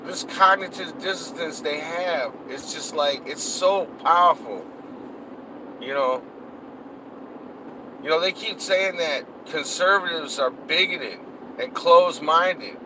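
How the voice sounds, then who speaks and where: A man's voice: a little high, slow, background noise. A man delivering a heated, profanity-laced rant, cursing and repeating himself as he vents. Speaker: political vlogger.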